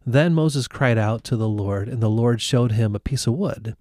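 Brief: male Bible teacher, mid-pitched, dry close sound, chatty storytelling with acted-out quotes. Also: normal speed, darkish tone, no room sound.

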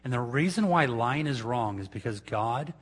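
A man preaching a sermon in a church, swinging between loud emphatic peaks and hushed low asides. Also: animated, moderate pace.

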